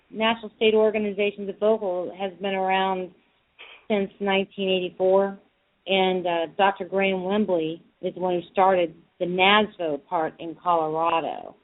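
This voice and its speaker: A woman speaking as a guest on a call-in show, earnest and talking in loose runs of thought. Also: mid-range voice. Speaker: guest, advocacy group director. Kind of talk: casual call-in chat. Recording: phone-line sound.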